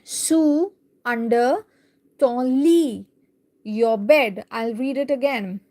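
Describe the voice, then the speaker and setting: Woman, French teacher, slow deliberate delivery, fairly high pitch, explains each phrase. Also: mellow. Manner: slow, careful explaining, translating line by line. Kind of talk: live online language lesson, reading a picture book aloud.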